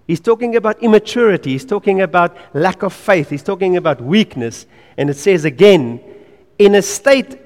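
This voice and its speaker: A man preaching a sermon in an earnest, emphatic way. He repeats key phrases and drops to quiet asides. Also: sits high, in a large hall.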